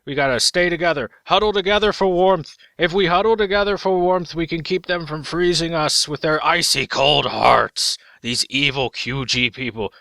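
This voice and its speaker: A man's voice: fairly high pitch, normal speed, gravelly, pushed and bright, no echo. A man voicing a cautious team leader giving a mock-solemn pep talk. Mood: earnest.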